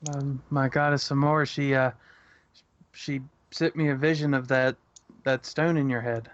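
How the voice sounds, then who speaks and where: A man's voice: mid-range voice, fairly even intonation, normal speed. A man playing a tabletop game, hesitant with uhs and ums, on a muffled recording. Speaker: player.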